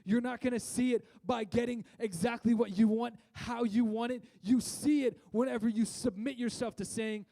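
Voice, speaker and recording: A high-pitched man delivers a sermon in a church. His tone is mellow and he talks conversationally, often restarting his sentences. He swings between loud emphasis and quiet asides. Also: fairly even intonation, moderate pace, gravelly, few pauses. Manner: rises and drops in loudness for emphasis. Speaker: preacher.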